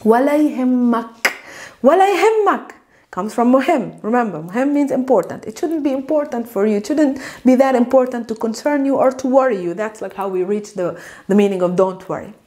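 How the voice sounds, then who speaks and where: A woman with a Palestinian Arabic accent, a native Arabic speaker, teaching an online language lesson in an animated, patient way, repeating words slowly for learners. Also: fairly high pitch.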